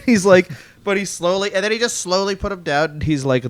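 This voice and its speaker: A man's voice: high-pitched, animated, brisk, dry recording. Rambling male comedian, dry close sound. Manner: rambling, heavy use of "like", swears freely. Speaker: podcast co-host, comedian. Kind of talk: casual comedic chat.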